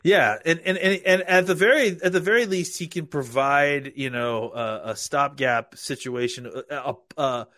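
A man's voice: fairly high pitch, normal speed, few pauses, sharp tone, no room sound, studio quality. A man analyzing football in casual podcast talk, rambling with frequent restarts.

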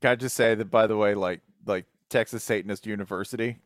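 A man co-hosting a casual sports chat, jokey and animated, swearing freely. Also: fairly low pitch, quick pace, no room sound, studio quality. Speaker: podcast co-host.

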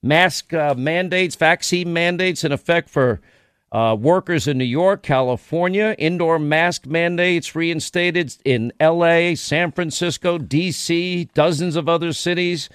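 With an unhurried, clear, resonant voice that's a bit bright and slightly high for a man, a combative talk host delivers a sarcastic political monologue. He stacks rhetorical question upon rhetorical question, recorded in a dry, close studio with no echo.

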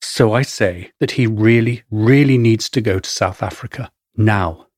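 A man with an English accent narrates his own memoir in a wry, measured storytelling manner. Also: fairly low pitch, darkish tone, no echo, clean studio sound. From England. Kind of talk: first-person memoir narration.

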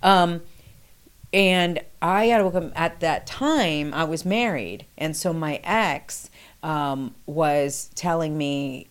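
Interview guest, woman, lower-pitched, tells stories with lively acted-out quotes. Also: slow pace, clear, resonant tone. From New York City. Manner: animated, acts out quoted dialogue with rising pitch. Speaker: guest recounting past experience. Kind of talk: conversational storytelling.

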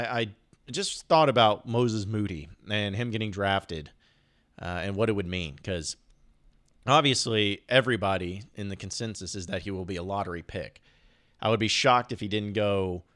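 Male sports podcast host with a lowish voice. Loose, rambling monologue with joking asides. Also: a bit bright.

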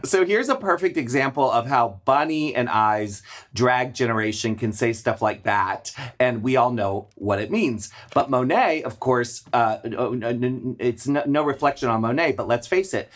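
A drag performer and theater producer, a man, talks casually on a podcast. He tells stories in an animated way, breaking into laughter. His voice sits at an ordinary middle pitch. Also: moderate pace, hardly any pauses. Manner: animated storyteller, bursts of laughter.

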